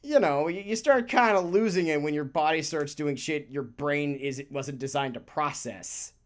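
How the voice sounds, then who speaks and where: In casual chat, a podcast co-host rambles animatedly, swearing offhandedly and laughing often. The voice is medium-pitched at a moderate pace.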